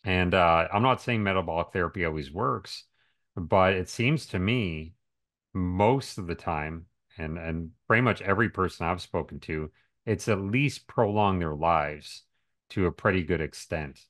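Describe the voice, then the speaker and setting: A man's voice: deep voice, measured pace, a bit bright. A man in casual podcast conversation, talking emphatically and asking rhetorical questions. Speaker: podcast speaker on diet and health.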